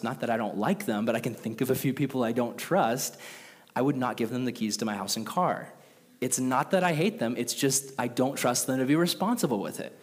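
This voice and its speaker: Man preaching in a reverberant hall. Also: fairly high pitch. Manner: animated preaching, conversational asides. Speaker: pastor. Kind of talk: sermon.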